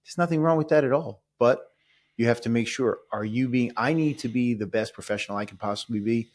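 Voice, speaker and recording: A man's voice: mid-range voice, brisk. A man hosting a podcast, talking earnestly and reflectively about his work as a trainer. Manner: earnest, reflective, lots of affirming murmurs. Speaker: podcast host and fitness trainer. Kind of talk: casual podcast conversation.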